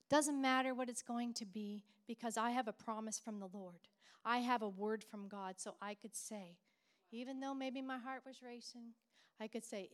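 A middle-aged woman pastor preaching a sermon with fervent, repeated declarations. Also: fairly high pitch.

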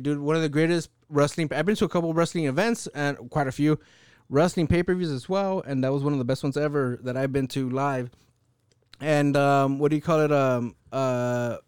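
A young man on a podcast, telling a story in a casual, animated and profane way with many fillers. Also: on the high side, moderate pace, smooth, dry recording, clean studio sound. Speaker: podcast host.

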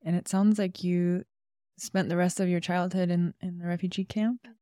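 Low, flat-voiced woman host. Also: normal speed, dry recording, studio quality. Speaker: podcast host. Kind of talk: interview questions.

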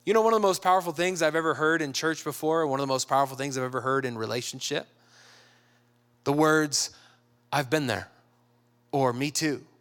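A man giving a sermon who talks casually and acts out quoted people with lively shifts in voice. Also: on the high side, quick pace, smooth. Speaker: pastor.

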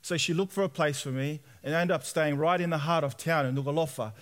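Animated man telling a sermon testimony. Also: a little high, fast talker. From Australia. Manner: animated storyteller, acts out quoted voices. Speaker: preacher.

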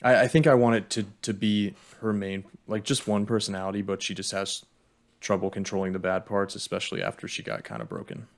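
A man's voice: on the low side, a little fast, gravelly. A man co-hosting a casual podcast chat, thinking aloud with hesitant fillers. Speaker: podcast co-host.

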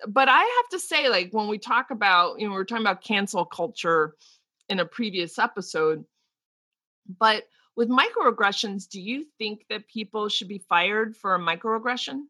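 With no room sound, a woman speaks in a sharp, expressive mid-range voice at normal speed. As a podcast co-host and teacher, she's frank and talkative in casual discussion, frequently starting her sentences over.

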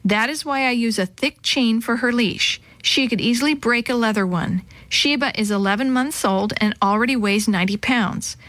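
A woman voicing a calm, firm male animal trainer who gives steady, cautioning instructions. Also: very high voice, normal speed, few pauses, no room sound. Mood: explaining. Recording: dry close sound.

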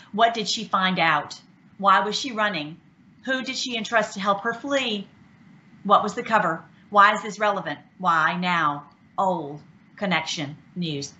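A woman hosting an online show, talking casually and excitedly, with many restarts and fillers. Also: medium pitch. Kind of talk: casual talk commentary. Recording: dull lo-fi sound.

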